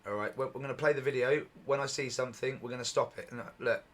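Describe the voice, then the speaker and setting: A middle-aged man hosting a UFO channel, giving excited, repetitive commentary over video footage, his voice going hoarse. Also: medium pitch, quick pace, noisy background. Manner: excitable, repetitive, exclaims often.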